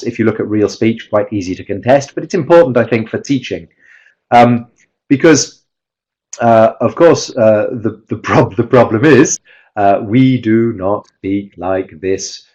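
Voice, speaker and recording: Over a video call, a man gives a lecture-style webinar on teaching pronunciation, hesitating with many fillers and restarts. His mid-range voice is darkish with a breathy edge, and the webinar audio is slightly dull.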